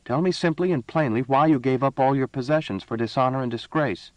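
A man voicing a proud, impatient young empress in an audiobook reading, speaking higher and more commandingly than his own voice. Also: fairly quick, no room sound, lightly acted. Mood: imperious. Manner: raised pitch, commanding and cutting.

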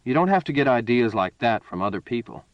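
A man's voice: mid-range voice, big pitch swings, brisk, no room sound, lightly acted. A man voicing a naive, polite young man from a village who talks in an apologetic, hesitant way, on a dull, dry recording. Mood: unsure.

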